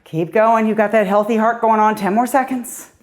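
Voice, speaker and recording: A woman's voice: fairly high pitch, fairly even intonation, normal speed. A middle-aged woman fitness coach leading a guided workout, upbeat and encouraging, a little out of breath as she exercises along.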